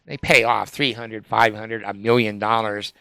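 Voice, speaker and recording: An older man telling a rambling, profane personal story with many fillers, and he jumps up in pitch when he quotes other people. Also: level tone, moderate pace, gravelly, sharp tone, smooth, dry recording. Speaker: vlogger telling of his legal dispute.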